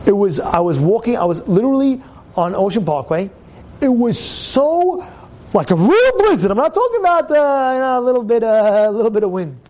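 A man telling a story in a lively sermon, often repeating words as he goes. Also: high-pitched, a little fast. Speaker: rabbi teaching a Torah class.

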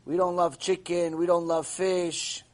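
A man teaching an animated Mussar lecture, repeating points and firing off rhetorical questions. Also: high-pitched, unhurried, rough recording. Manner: repetitive, acts out dialogue, rhetorical questions.

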